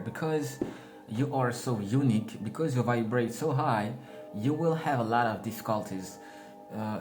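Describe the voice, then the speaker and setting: A man giving a casual, rambling spiritual talk, slangy and often laughing at his own jokes. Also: mid-range voice. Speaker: spiritual vlogger. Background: background music.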